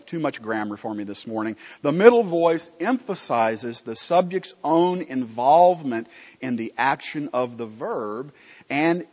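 A pastor preaching a sermon in a conversational teaching manner, asking the congregation rhetorical questions and swinging between emphatic and quiet phrases. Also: male voice, medium pitch. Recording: dull lo-fi recording with long hall reverb.

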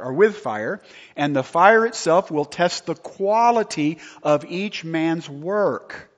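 A man delivers a sermon as pastor in a somewhat high voice, animated and quick to toss rhetorical questions at the congregation. His voice rings with a long hall reverb. The recording sounds dull and muffled.

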